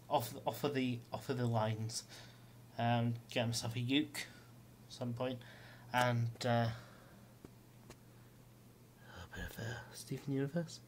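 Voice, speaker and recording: A man with a Scottish accent talking casually in a diary vlog, rambling with lots of fillers and swearing, mocking himself. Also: medium pitch. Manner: self-mocking with chuckles. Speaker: vlogger.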